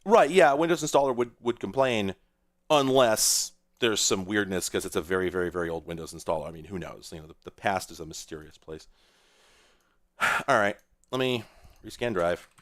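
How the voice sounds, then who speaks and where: A man's voice: sits low, moderate pace. A man streaming live, rambling and sarcastic, who swears and laughs at his own troubles. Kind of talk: casual livestream commentary.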